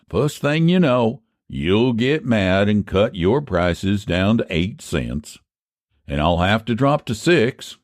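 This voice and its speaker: A man's voice: mid-range voice, dry recording, clean studio sound. A man voicing a sly, scheming older rural pie seller with a rural American dialect and a folksy drawl. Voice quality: folksy drawl, old-fashioned country grammar.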